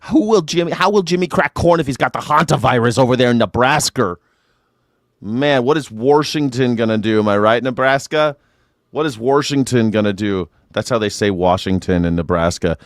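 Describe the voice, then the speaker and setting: A man's voice: mid-range voice, fairly quick, dry recording, clean studio sound. A young man hosting a news reaction show, sarcastic and joking, swearing freely. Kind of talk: comedic news reaction commentary.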